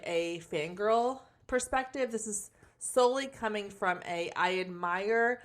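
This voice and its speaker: A woman in her forties hosting a solo podcast, slightly hoarse from losing her voice, talking in a chatty, candid way with frequent ums, on a backup podcast microphone. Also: mid-range voice, a bit bright. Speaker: podcast host and photography marketing coach. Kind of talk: casual solo podcast talk.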